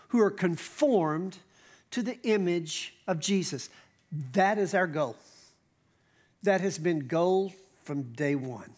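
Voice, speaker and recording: A man, preaching a sermon from a church stage. He talks in a relaxed way, full of asides, and slows down to stress key phrases. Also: sits high. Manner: conversational preaching with asides and emphatic slowdowns. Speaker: pastor.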